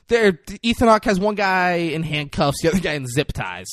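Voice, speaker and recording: Guy retelling a movie scene with a lot of swinging pitch, kinda high voice, acts out the lines, dry sound. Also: normal speed, few pauses, no echo. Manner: animated, acts out quotes with loud put-on voices, laughs, swears. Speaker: podcast co-host. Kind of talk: casual film recap chat.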